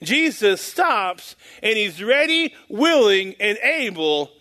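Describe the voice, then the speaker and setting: A man's voice: high-pitched, sing-song, slow pace, bright, forceful tone. A man giving an informal sermon in a folksy, rambling way, chuckling at his own jokes. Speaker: preacher.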